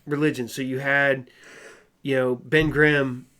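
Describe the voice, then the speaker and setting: This male podcast co-host chats casually, wandering through his points with frequent fillers and false starts. His pitch is medium with little movement, his pace a little slow, and his sound pushed and bright.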